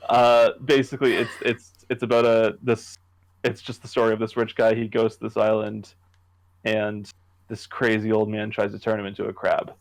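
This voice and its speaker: A young man from Canada, co-hosting a podcast, chatting casually about his writing in a halting way with many restarts. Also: lowish voice, completely flat delivery, low-quality recording. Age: young adult. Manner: halting, restarts often, laughs easily. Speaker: podcast co-host, horror writer. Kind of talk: casual chat.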